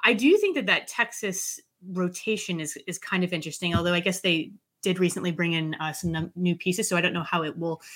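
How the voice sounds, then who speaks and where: A woman's voice: fairly low pitch, a little fast, few pauses, a bit bright, husky. A woman guest on a casual podcast, talking hesitantly with many ums and likes. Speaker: guest analyst.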